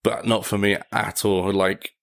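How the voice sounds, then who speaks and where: A man's voice: on the low side, flat delivery, unhurried, vocal fry, fairly bright tone, dry recording, clean studio sound. A man, a podcast guest telling stories in casual chat, upbeat and laughing often as he acts out the people he describes. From England.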